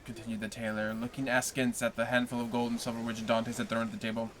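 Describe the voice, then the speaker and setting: A man narrating a classic novel aloud on a livestream, in a low, even reading voice. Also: fast. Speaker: reader.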